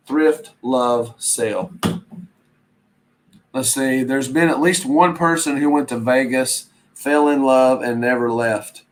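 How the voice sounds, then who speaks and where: A man's voice: medium pitch, rough recording. A man with an ordinary mid-range voice talks loosely and at length on a casual live stream. He hosts a reselling channel, wanders from story to story and stops to answer viewer comments. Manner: rambling, chatty, reads viewer comments aloud.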